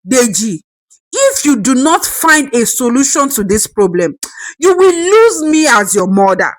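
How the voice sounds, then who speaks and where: A fierce older grandmother scolds and repeats herself for emphasis, as a woman storyteller puts her on. Her voice rides high and swings widely. The sound is close and dry. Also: very animated, a little slow, no echo, full character voice. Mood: furious.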